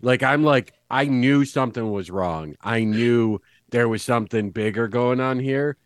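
An eager investigator talks bluntly and gets carried away when excited, as a man plays him in a tabletop game. His voice sits in a middle range and sounds dry and close. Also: medium pitch, unhurried, no echo, natural voice. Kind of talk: improvised tabletop role-play.

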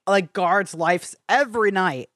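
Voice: medium pitch, a bit bright, no echo, clean studio sound. Crude, jokey podcast co-host. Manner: crude, jokey, quick to laugh. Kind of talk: casual movie-review chat.

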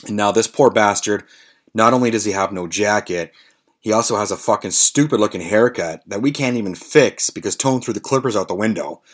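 A man's voice: lowish voice, a little fast. A man in his forties hosting a podcast, telling a long story in a rambling, profane way with many fillers. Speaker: podcast host.

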